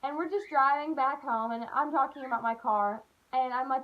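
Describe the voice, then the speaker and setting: A young woman telling stories in a chatty, animated way, full of "like.". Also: high-pitched, normal speed, dull audio. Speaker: vlogger. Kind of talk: casual storytime.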